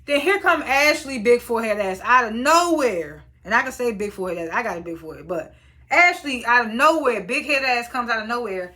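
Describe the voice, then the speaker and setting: A woman's voice: fairly high pitch, a little fast. A young woman casually recapping a reality show, blunt and profane, acting out what the cast said. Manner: animated, blunt and profane, acts out quotes.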